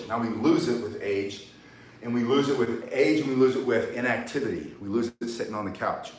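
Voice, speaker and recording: A man's voice: mid-range voice, a little hiss or hum. An older man teaching cane self-defense outdoors, blunt and rambling, with joking asides. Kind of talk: live outdoor workout lesson. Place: outdoors in the sun. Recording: roomy echo, mic set at a distance.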